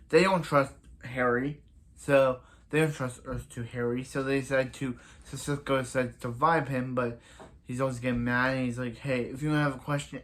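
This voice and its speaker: A man casually recapping a TV episode, rambling with lots of restarts and acting out characters' lines in quick asides. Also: medium pitch, fairly bright tone. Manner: rambling, full of restarts and "so yeah". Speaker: TV episode reviewer.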